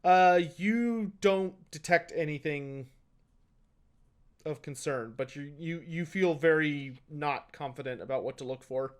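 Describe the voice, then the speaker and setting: Chatty male game master, slightly high voice. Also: unhurried, clear, resonant tone. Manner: rambling descriptive narration with fillers. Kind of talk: game master narration, casual.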